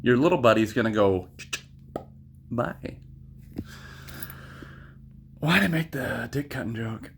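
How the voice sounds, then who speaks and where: A man's voice: mid-range voice, expressive, fairly quick, vocal fry, hardly any pauses, slight background noise. A young man chats casually about a movie in a plain mid-range voice. He swears freely and keeps drifting off on tangents before finding his way back to the point. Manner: rambling, profane, goes off on tangents. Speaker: movie reviewer. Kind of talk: casual spoken review.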